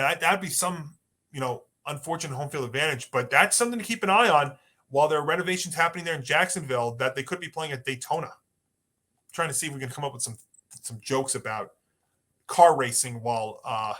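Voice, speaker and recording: Bright-voiced man talking sports. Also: mid-range voice, a little fast, long pauses. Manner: chatty, rambling with restarts. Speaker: podcast co-host. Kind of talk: casual sports talk.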